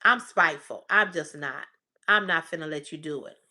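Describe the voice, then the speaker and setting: A woman's voice: deep voice, moderate pace, bright, forceful tone. A woman hosting a livestream, talking back to her chat in casual, blunt, profane commentary. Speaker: livestream host.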